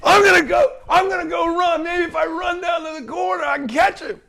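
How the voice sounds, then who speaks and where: A man voicing a young male worker who fakes frantic shock, with shouting, panicky outbursts. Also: very high-pitched, fairly quick, creaky, voice pushed up, exaggerated voice. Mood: faking panic.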